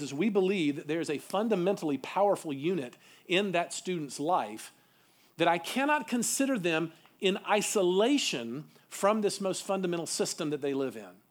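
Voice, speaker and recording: A man teaching a seminar to youth ministry workers, asking the room questions and adding folksy asides. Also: fairly high pitch.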